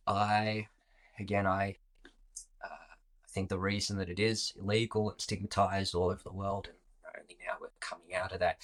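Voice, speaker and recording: Deep-voiced Australian man, relaxed. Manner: relaxed, rambling, many fillers. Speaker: podcast guest, jiu-jitsu instructor. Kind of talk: casual interview chat.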